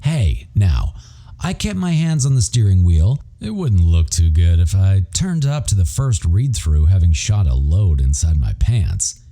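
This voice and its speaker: Deep-voiced man, husky and dark, wry profane first-person audiobook narration. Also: big pitch swings, measured pace. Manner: wry, profane, self-mocking.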